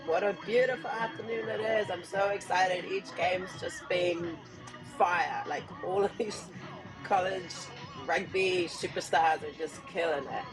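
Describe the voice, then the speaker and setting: A woman's voice: lowish voice, fairly even intonation, measured pace, music in the background, rough recording. A woman giving casual, enthusiastic color commentary on a live rugby match.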